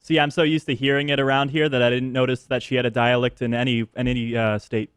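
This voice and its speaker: Male co-host from New England, quick and smooth, dead dry room. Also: mid-range voice, flat delivery, a bit bright, no room sound. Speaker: show producer. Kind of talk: talk show banter.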